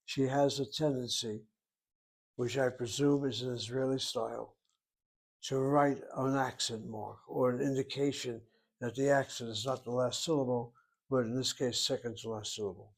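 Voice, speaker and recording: A man of middle pitch gives a Hebrew grammar lesson. He works patiently through each syllable and spelling, reasoning aloud like a teacher at a whiteboard. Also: steady tone, normal speed. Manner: methodical, talks through each step aloud. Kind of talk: grammar lecture.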